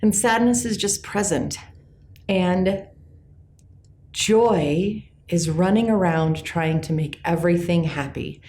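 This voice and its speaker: A middle-aged woman talking gently and earnestly to camera, sharing personal reflections and slowing down on key words. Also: fairly low pitch, slight background noise.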